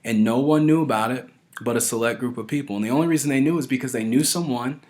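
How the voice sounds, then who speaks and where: This man, in his thirties, speaks at a quick pace in a medium-pitched voice. Addressing his followers directly on camera as a vlogger, he rambles earnestly, tosses in "right?" again and again, and pushes harder whenever he stresses something.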